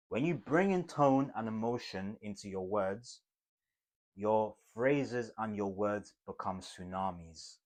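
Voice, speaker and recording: A man teaching communication skills to camera in an emphatic, motivational way, swinging between loud bursts and hushed asides. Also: fairly low pitch. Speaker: communication coach.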